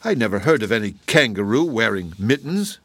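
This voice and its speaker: A man's voice: on the low side, sing-song, fairly quick, fairly bright tone, husky, dry recording, full character voice. A man voicing a kind, sensible little girl in a raised, girlish, matter-of-fact voice.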